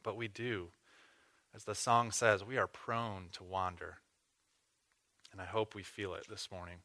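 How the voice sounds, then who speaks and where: A man's voice: fairly low pitch, level tone, a little slow, sharp tone. A male pastor preaching earnestly, telling a story and closing in prayer. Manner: earnest, with fillers and restarts. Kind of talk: sermon ending in prayer.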